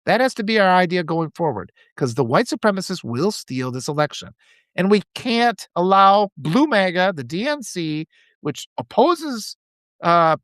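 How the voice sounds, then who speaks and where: A man's voice: high voice, a bit bright, no room sound. A man hosting a live stream, giving impassioned political commentary and reading out viewer comments, with frequent restarts.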